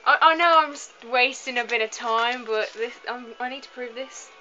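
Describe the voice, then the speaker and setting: A young woman with a bright, forceful voice, chatting tiredly and self-mockingly over gameplay. She trips over long words and laughs it off. Faint game music sits behind a slightly dull, lo-fi recording. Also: on the high side, normal speed. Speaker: let's play host. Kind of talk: casual gameplay commentary.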